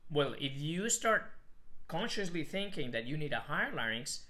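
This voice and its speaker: Bright-voiced male singing teacher. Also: fairly high pitch, big pitch swings, normal speed. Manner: explains with sung examples, many restarts and fillers. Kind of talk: voice lesson with sung demonstrations.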